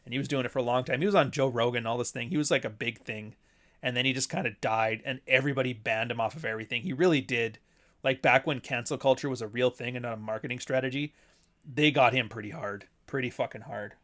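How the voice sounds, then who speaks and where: An author chats casually on his own livestream, his voice at an ordinary male pitch. He tells stories in an animated, profane way and keeps breaking into laughter. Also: quick pace. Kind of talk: casual livestream chat reading super chats.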